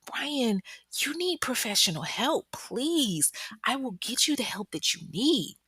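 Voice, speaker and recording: A woman's voice: mid-range voice, animated, fairly quick, fairly bright tone, dry recording, pitched above the performer's own voice. A woman voicing a frightened captive woman who pleads and tries to placate her captor. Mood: pleading.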